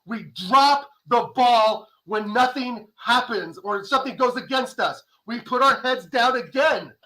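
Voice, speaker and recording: A man ranting furiously as a panel guest on a football fan show, swearing and shouting. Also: very high voice, a little slow, low-quality recording. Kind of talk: heated fan rant.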